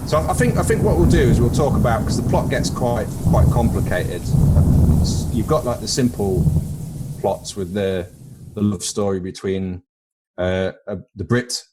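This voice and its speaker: A man's voice: lowish voice, normal speed, very noisy. A man with a British accent co-hosting a casual film podcast, joking and tripping over repeated words as he thinks. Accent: British English. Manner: jokey, rambling, repeats words while thinking. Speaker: podcast co-host.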